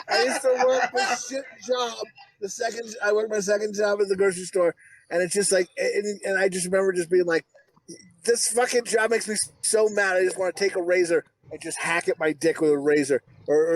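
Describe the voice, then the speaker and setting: A man's voice: high-pitched, little pitch movement, a little fast, rough recording. A man on a casual podcast, ranting profanely through a story and laughing often. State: has high blood pressure. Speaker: podcast co-host. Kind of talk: casual chat.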